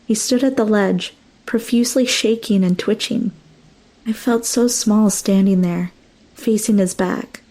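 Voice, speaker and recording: A woman's voice: medium pitch, a little slow, dark tone. A young woman narrating a first-person horror story with dramatic, emotional delivery.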